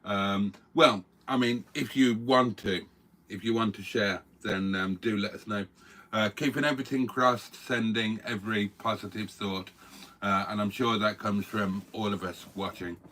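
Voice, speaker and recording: A man's voice: fairly low pitch, steady tone, normal speed, fairly bright tone, slight background noise. An older man co-hosting a casual live stream, reading out viewer comments with wry, self-mocking banter.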